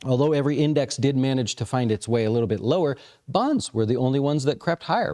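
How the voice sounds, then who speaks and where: Man, market-commentary host, mellow tone, casual and rambling, lots of uhs, mid pitch. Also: quick pace. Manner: conversational, frequent fillers and restarts. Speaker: investment firm host.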